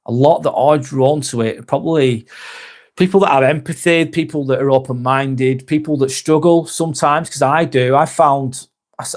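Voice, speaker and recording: A man chats on his live stream, rambling through thoughts and reading viewers' comments aloud. He swears freely and slips into dry sarcasm, with a mid-pitched voice. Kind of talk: casual live-stream chat.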